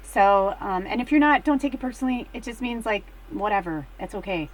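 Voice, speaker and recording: A middle-aged woman reading tarot cards in a casual, rambling chat, full of fillers, swinging between hushed and excited. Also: mid-range voice, fairly quick, rough recording. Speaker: tarot card reader.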